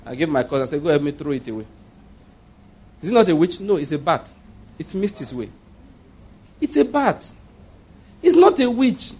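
Nigerian pastor guy preaching, voice jumps all over, kinda raspy, teasing and laughing a lot. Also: on the high side, moderate pace, pauses often. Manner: animated, laughs often, mocking asides. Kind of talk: sermon.

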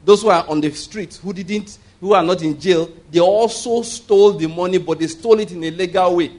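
Conversational preacher, high-ish man's voice. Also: a little fast, darkish tone. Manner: conversational, rhetorical questions, call-and-response. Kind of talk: sermon.

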